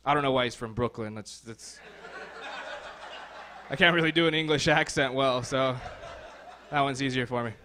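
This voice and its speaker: A man's voice: medium pitch, normal speed, pauses often, sharp tone. Sardonic young man doing stand-up. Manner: sardonic, crude, rambling with fillers. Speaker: stand-up comedian. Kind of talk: stand-up comedy set. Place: comedy club stage.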